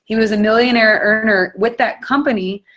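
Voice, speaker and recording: A woman's voice: on the high side, fairly even intonation, brisk, fairly bright tone. A woman on a video call, giving a blunt, frank and fired-up motivational talk as a network marketing leader.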